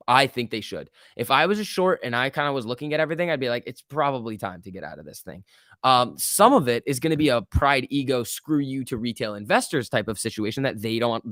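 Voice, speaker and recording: A man hosting a live stock market stream, talking casually and reacting to viewers in chat with slangy, animated commentary. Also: medium pitch, no room sound, clean studio sound. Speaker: stock market livestream host.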